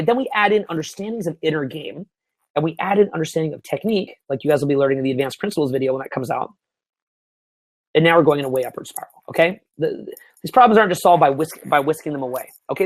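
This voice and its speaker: A young Canadian man coaching on dating in a profane, excitable way, swinging from mumbled asides to loud bursts. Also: high-pitched, dry recording. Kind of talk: webinar Q&A.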